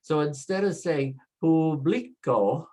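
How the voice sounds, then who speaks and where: A man teaching Spanish pronunciation from slides, slowly repeating each word so learners can follow. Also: mid-range voice, expressive, rough recording. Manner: slow, deliberate, repeats words for practice. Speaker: Spanish instructor. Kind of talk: slide-based pronunciation lesson.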